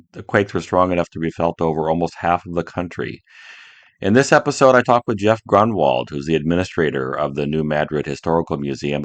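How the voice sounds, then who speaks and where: Very deep voiced podcast host doing the intro, laid back, a few uhs, dry close mic. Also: male voice, no room sound. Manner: relaxed, a bit halting, with fillers.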